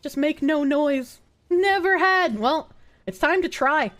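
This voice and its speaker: A woman's voice: sits high, expressive, takes it slowly, a bit bright. A woman streamer in casual live chat, reading her chat aloud and answering it bluntly and profanely, with frequent laughter.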